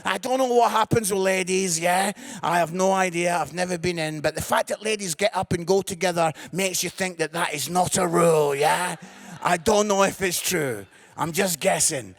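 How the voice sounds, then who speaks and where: Animated man, high gravelly voice. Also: brisk. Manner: animated, shouting for effect, lots of tag questions. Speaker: comedian evangelist. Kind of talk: comic storytelling sermon.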